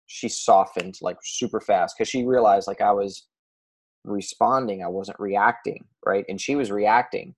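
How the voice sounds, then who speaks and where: A man's voice: on the low side, expressive, normal speed. A man coaching a client on a casual call, blunt and swearing freely, with many restarts.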